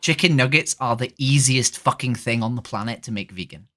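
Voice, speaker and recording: A woman's voice: a bass voice, a little fast, fairly bright tone. Pushy, sweary streamer woman. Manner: pushy, sweary, keeps asking "right?". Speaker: vegan activist streamer. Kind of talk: casual video-chat debate.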